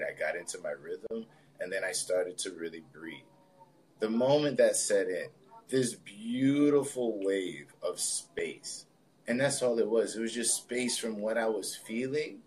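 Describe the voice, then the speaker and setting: A man guest on a podcast interview, telling a personal story in a relaxed, reflective way with plenty of casual fillers. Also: lowish voice. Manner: relaxed, reflective, loose with fillers like "you know" and "like". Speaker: podcast guest, spiritualist and healer.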